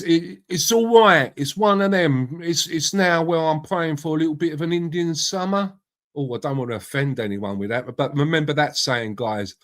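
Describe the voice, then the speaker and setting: Middle-aged man, casual live-stream host, rambling, matey, swears. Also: fairly high pitch. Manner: chatty, rambling, swears freely, greets viewers by name. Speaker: livestream host. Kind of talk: casual live-stream chat reading out comments.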